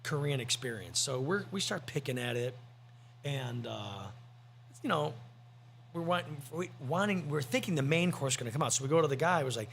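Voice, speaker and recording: Gravelly joking male podcast co-host. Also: on the high side, lively intonation, fairly quick, a bit bright, a little hiss or hum. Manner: rambling, joking anecdotes. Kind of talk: casual chat and storytelling.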